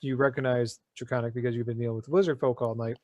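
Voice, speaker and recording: A man's voice: medium pitch, fairly even intonation, quick pace, warm tone, dry recording, lo-fi sound. A man running a tabletop role-playing game as dungeon master, explaining rules with frequent fillers and restarts.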